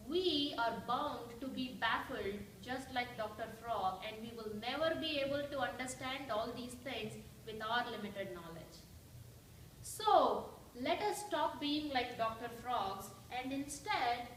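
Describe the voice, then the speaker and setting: In a high voice, a visiting speaker delivers a devotional talk at a church, recounting a story and asking listeners questions. The recording, made from far off in an echoey hall, has a little hiss or hum.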